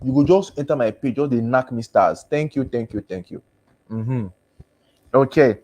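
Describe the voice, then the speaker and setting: A man's voice: mid-range voice, normal speed, darkish tone. Male doctor, Nigerian Pidgin accent, casual live-stream host, easygoing and repetitive, voice starting to wear. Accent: Nigerian Pidgin English. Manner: chatty, switches between English and Pidgin, repeats thanks. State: voice going hoarse. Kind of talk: casual live-stream chat reading comments.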